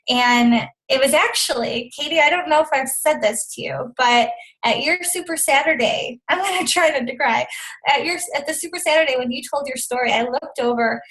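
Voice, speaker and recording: A woman in her thirties speaks as a coach on a team call, her voice sitting high. She talks in a chatty, upbeat way, leaning on fillers as she motivates her listeners. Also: a bit bright, poor audio. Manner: chatty and upbeat, many fillers like "like" and "you know". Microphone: phone or conference call line.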